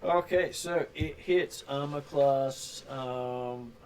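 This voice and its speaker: Brief: male game master, mid-pitched, casual and patient, recorded a bit off-mic with faint hiss. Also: drawn-out words. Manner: casual, explains rules patiently. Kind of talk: running a tabletop game. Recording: far from mic, faint noise.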